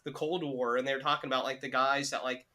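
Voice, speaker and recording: Bright-voiced joking young man. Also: mid-range voice, little pitch movement, quick pace. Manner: joking, profane, laughs often. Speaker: podcast co-host. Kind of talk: casual chat.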